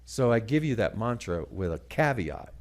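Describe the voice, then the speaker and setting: A middle-aged man giving a sermon-style talk, telling a story dramatically and moving between loud passages and hushed ones. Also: lowish voice, sing-song, normal speed. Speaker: guest speaker.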